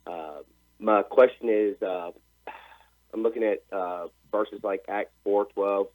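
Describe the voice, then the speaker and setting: A low-voiced man calling in to a radio show over a tinny phone line. He is polite and deferential, pausing often as he works through his question. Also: fairly even intonation, no room sound. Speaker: caller.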